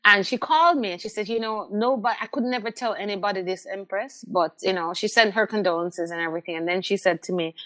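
A middle-aged woman, a guest telling personal stories in an interview, animated and repeating words as she restarts sentences. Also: mid-range voice, fast, hardly any pauses. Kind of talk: candid conversational interview.

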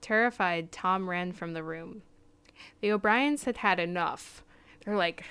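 Chatty woman with a smooth, clear voice. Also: mid-range voice, slow, pauses often. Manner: chatty, dips into hushed spooky narration. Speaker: podcast host. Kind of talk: casual storytelling podcast.

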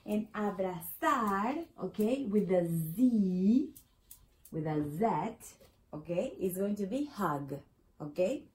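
A native Spanish speaker with a Latin American accent patiently explains a Spanish lesson, repeating words slowly for learners. Her mid-range voice has lively intonation and a darkish tone, and the audio is poor.

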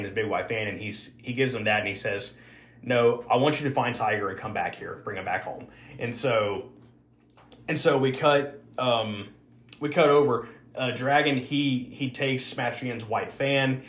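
A man's voice: on the low side, fairly bright tone. A man hosting a podcast, casually recapping a film with lots of fillers and restarts. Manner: rambling, many fillers and restarts. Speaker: podcast host. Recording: roomy echo.

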